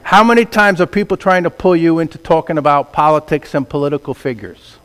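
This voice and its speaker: Pastor guy preaching, high voice, goes quiet then gets loud, big echoey church hall. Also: fairly quick. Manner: animated preaching, swinging from quiet to loud emphatic. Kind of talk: sermon. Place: church sanctuary. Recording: long reverb of a large hall.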